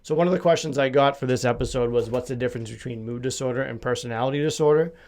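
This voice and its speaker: A man's voice: medium pitch, quick pace, a little mellow. A man from Massachusetts hosting a solo podcast, chatting casually in a rambling, self-deprecating, jokey way with a slight lisp. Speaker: podcast host.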